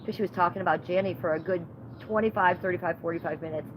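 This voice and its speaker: A woman's voice: lowish voice, fast talker, background noise. A woman hosting her own livestream, rambling through profane, gossipy stories in casual chat. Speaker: livestream host.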